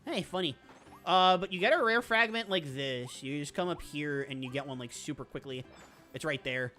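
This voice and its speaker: A speedrunner giving excitable, rambling commentary over gameplay, with quick laughs and self-interruptions. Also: mid-range voice, faint music behind. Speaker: speedrunner streamer.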